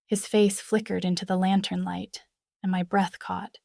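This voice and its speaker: A woman reading a first-person fantasy novel aloud in a dramatic, expressive way. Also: medium pitch, normal speed, gravelly, no echo, clean studio sound. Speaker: audiobook narrator.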